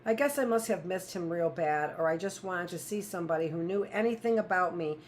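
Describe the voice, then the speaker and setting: Low-voiced woman reading a novel aloud. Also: expressive, a little fast, slight background noise. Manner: plain, first-person storytelling. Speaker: teacher.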